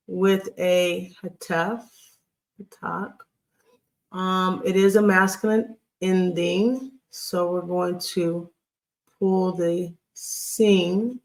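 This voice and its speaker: A teacher giving a recorded Hebrew grammar lesson while writing on screen, talking in a halting, patient way and often checking in with the class. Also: mid-range voice.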